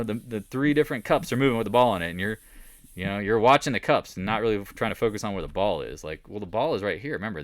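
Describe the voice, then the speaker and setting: A man's voice: lowish voice, dry recording, clean studio sound. A man from the Southern United States hosting a market recap, talking in a casual, rambling way and repeating his points. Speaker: stock trading video host.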